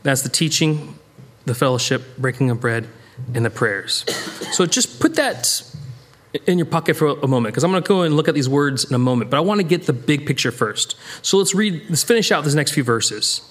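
An American man leading a Bible study, talking it through casually with lots of restarts and sudden bursts of emphasis. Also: a little fast. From United States. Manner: animated, rambling, self-interrupting, jumps in pitch for emphasis. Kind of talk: conversational Bible teaching.

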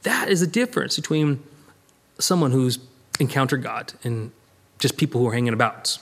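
Lively man teaching a Bible study. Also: mid-range voice, moderate pace. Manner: lively, conversational, reads scripture aloud and acts out quoted lines.

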